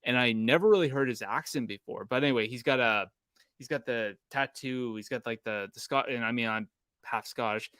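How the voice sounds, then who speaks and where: A man from Canada with a smooth, resonant voice, telling a loose, rambling anecdote in casual podcast chat. He keeps a polite, easygoing tone, and the recording is dry and close. His pitch sits in the middle. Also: fairly quick, a bit bright, dry recording. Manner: rambling storyteller, self-described polite. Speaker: podcast co-host.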